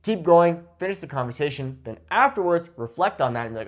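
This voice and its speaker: A man with a voice a little higher than usual talks through his tips as a Spanish teacher. His delivery is informal and lively, and he keeps checking in with short "okay?" and "right?" asides. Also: brisk, hardly any pauses. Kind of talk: conversational teaching to camera.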